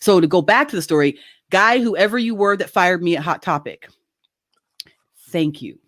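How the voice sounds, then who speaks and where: A guest on a video call, this woman has a lowish, slightly bright voice and speaks animatedly and a little fast while telling a story in casual chat. She laughs often and performs the quoted voices, captured in clean studio sound with no room echo.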